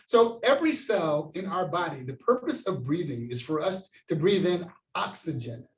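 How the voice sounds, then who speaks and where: A man leading an interactive science lesson for children, with animated call-and-response prompts and demonstrations. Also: fairly high pitch, normal speed, echoey room, far from the mic, slight background noise, rough recording. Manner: gestures while talking, stands and demonstrates. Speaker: science educator.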